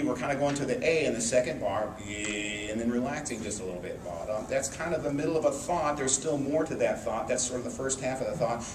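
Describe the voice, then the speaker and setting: A man with a twang talks through a trumpet etude like a patient band teacher and sometimes sings the phrases out. He sounds far from the microphone in a roomy, echoing space with audible background noise. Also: medium pitch. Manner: relaxed explanatory, sings phrases on syllables. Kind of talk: music lesson explaining an etude. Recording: echoey, distant mic with room noise.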